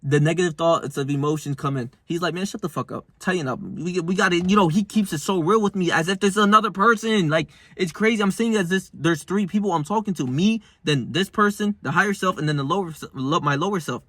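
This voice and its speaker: A man's voice: high voice, brisk, hardly any pauses, fairly bright tone, no room sound. A man in his twenties talking casually in a vlog, rambling in slang with plenty of swearing. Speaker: self-help vlogger.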